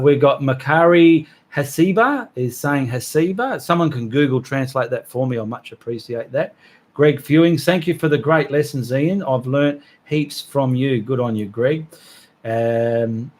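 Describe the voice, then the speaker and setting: Chatty man hosting a live stream. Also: mid-range voice. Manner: chatty, friendly, reads out viewer names with small asides. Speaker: host of a live art stream. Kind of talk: casual live-stream chat.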